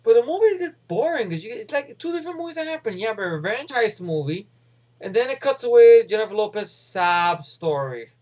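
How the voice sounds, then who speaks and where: High-voiced rambling man ranting. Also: very animated, brisk, darkish tone, lo-fi sound. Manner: rambling, profane, many fillers. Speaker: movie reviewer. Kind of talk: casual movie rant.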